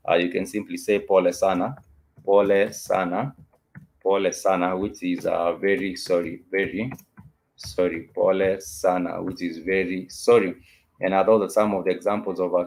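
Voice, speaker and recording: A man teaching a spoken language lesson, saying each word and phrase several times over with drawn-out fillers. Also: lowish voice. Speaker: Swahili teacher.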